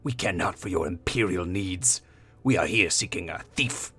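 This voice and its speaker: Brief: man playing a hooded stranger, low and flat, formal, dry room. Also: moderate pace, husky, no room sound, soft background music. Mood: cold. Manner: cold, formal.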